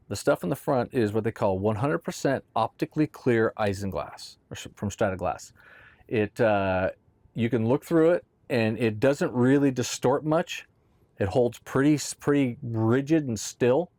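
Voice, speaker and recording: A man's voice: medium pitch, darkish tone, dry recording. A man casually explaining boat gear in a conversational how-to talk, often checking in with "right?". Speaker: boat owner explaining boat tops.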